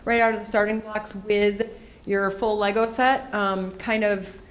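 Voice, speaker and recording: A woman moderating a panel, asking curious questions in quick bursts. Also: mid-range voice, steady tone, noisy background. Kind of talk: panel discussion.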